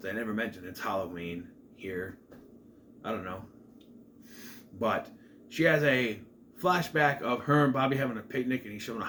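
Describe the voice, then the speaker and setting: A man casually reviewing a comedy movie on his own, animated and laughing at the jokes, jumping into high voices to mimic lines. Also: slight background noise.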